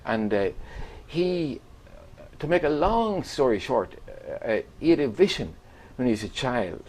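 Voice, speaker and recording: A man's voice: mid-range voice, darkish tone, slight background noise. Man telling a long story. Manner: rambling anecdotal storytelling with quoted voices. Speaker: guest. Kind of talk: storytelling in a radio chat.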